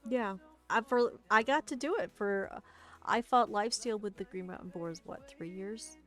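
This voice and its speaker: A woman's voice: medium pitch, normal speed, soft background music. A woman streamer chatting casually, telling stories while she paints and acting out the lines of the people in them. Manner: animated, acts out quoted lines.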